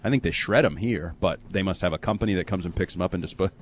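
A man co-hosting a sports talk radio show in the studio, quick to tease and offer strong opinions. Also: low voice, slight background noise. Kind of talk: casual studio banter.

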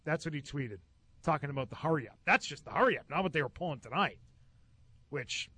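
High-voiced male sports show host. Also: animated, fairly quick, sharp tone, slightly rough, dry recording. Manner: steers segments, reads out tweets. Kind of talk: sports radio talk.

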